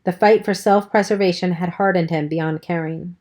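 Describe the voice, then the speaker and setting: A woman reading a novel aloud as an audiobook narrator, in a steady storytelling manner. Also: on the low side, normal speed. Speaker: audiobook reader. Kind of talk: scripted narration.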